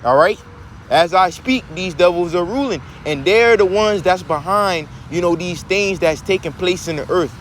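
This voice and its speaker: A man's voice: sits high, moderate pace, a little hiss or hum. A man teaching from scripture in a preaching manner who keeps asking rhetorical questions.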